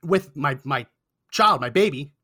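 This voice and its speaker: A man's voice: a little high, lively intonation, unhurried, bright, forceful tone. A young man hosting a talk show, telling a story with indignant sarcasm. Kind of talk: storytelling commentary.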